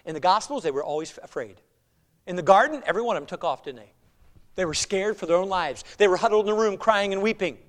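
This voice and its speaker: A middle-aged man preaching from the pulpit in a notably high voice. He swings between loud, emphatic declarations and quieter, intense passages. His delivery is animated and conversational. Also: fast. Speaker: pastor. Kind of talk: sermon.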